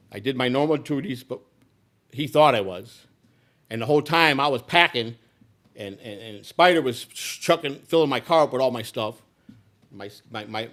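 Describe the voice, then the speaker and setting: A man's voice: medium pitch, a bit bright. Blunt, profane male storyteller. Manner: blunt, profane, emphatic, many restarts. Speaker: speaker. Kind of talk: live speech, personal storytelling.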